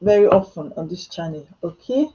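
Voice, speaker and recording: Her voice is fairly low, mellow, and expressive, moving at a brisk clip over dull audio. A Nigerian woman with a Nigerian accent, she chats on a live stream at home, answering viewers, joking at her own expense, laughing often, and adding Nigerian Pidgin asides.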